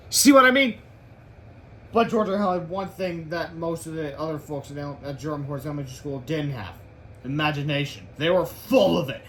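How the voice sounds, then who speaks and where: A man reading a children's book aloud as storyteller, in a lively, expressive way. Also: a little high, slight background noise.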